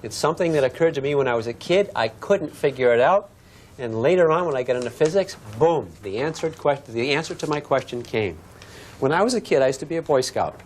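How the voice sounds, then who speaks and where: Man, physics teacher, from Massachusetts, lively swooping voice, storytelling, faint background hiss. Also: mid-range voice, a little fast. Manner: animated storyteller, acts out shouted dialogue; chatty, asks the class questions. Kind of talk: classroom lecture with demonstration.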